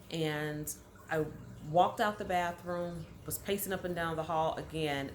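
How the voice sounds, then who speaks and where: A woman's voice: deep voice, slight background noise. A woman coaching her audience, telling a candid personal story in a conversational way with emphatic repetition. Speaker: life coach.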